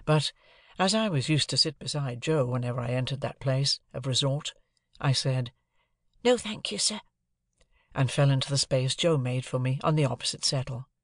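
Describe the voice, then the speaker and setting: A man reads an audiobook with a measured, steady storytelling delivery. His mid-range voice is captured dry, at studio quality.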